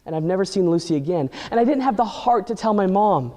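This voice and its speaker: A man telling an exaggerated comic story with animated, deadpan delivery. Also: sits high, quick pace. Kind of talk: comedic storytelling. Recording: long hall reverb.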